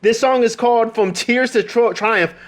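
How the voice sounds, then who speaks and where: A man with a fairly high voice, co-hosting a podcast. He talks loosely and casually. He stumbles and repeats words as he goes. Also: moderate pace. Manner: loose, stammering, incredulous. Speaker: podcast co-host. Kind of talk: casual chat.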